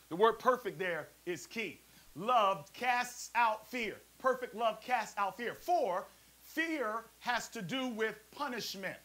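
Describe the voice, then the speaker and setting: A man preaching a sermon as pastor, lively and playful, calling on the congregation to answer back. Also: sits high, low-quality recording. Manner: preachy, call-and-response, playful asides. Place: church service also streamed to a prayer line.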